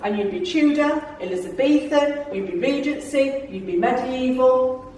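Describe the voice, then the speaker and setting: A woman's voice: sits high, animated, moderate pace, darkish tone, a little hiss or hum. A woman in her fifties giving a jokey, anecdotal talk to a club audience, chatting with listeners and laughing as she goes. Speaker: guest speaker at a club. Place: club meeting room. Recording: echoey room from far off.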